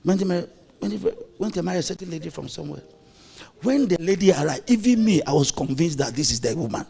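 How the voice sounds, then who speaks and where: A man's voice: a little high, lively intonation, quick pace, creaky, mellow, slightly rough. A male pastor preaching a playful, anecdotal sermon, laughing often as he tells stories. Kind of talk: storytelling sermon.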